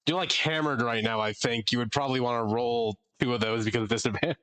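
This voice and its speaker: A young man running a tabletop game as dungeon master, chatty and halting, with frequent fillers and laughs. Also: medium pitch, fairly even intonation, a bit bright.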